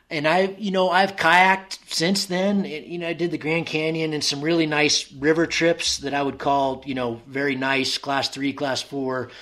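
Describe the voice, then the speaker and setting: A man's voice: medium pitch, sharp tone. Man telling a story, many restarts. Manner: halting, many restarts, acts out remembered inner dialogue. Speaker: guest telling a personal story. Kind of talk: casual spoken storytelling.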